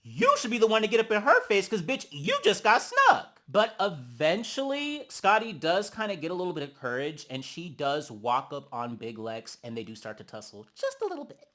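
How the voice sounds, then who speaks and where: A man's voice: high-pitched, huge pitch swings, moderate pace, hardly any pauses, pushed and bright. A man giving a casual, sassy recap of a reality show. He calls the listener honey and acts out the quotes of the people he talks about. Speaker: reality TV reviewer.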